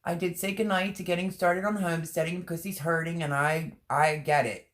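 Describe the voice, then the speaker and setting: A woman's voice: fairly low pitch, steady tone, brisk. A woman hosting a casual livestream, reading out chat comments, teary and laughing through her words. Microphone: webcam or phone on a stream.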